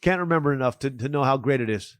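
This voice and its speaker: A man's voice: medium pitch, animated, fast talker, clear, resonant tone, dry recording, studio quality. A man co-hosting a comedy podcast, joking and swearing as he rambles about movies. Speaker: podcast co-host. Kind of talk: casual comedy podcast banter.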